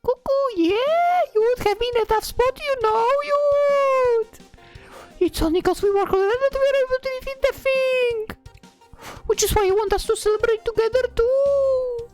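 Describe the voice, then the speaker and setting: A woman voicing a bubbly, pushy young heroine in a high, sing-song way, reading a visual novel. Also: moderate pace, music in the background. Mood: teasing.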